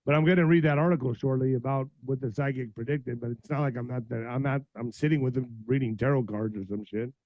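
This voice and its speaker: A man hosting a political podcast livestream, blunt and profane, reading news aloud and ranting, his voice going hoarse. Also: a little high, a little mellow, no echo, highs cut off. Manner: blunt, heated, reads news aloud then rants. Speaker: podcast host.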